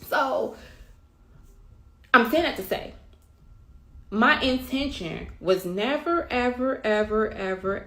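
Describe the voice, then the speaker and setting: A woman's voice: medium pitch, vocal fry. Blunt, profane middle-aged mother ranting. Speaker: mother telling her side. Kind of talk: storytime rant to followers. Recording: roomy echo.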